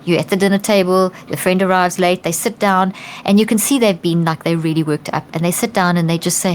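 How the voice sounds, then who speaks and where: A middle-aged woman guest on a podcast, explaining in an earnest, animated way, often restarting and acting out quotes. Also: lowish voice, a little fast, a little hiss or hum. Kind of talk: conversational explanation.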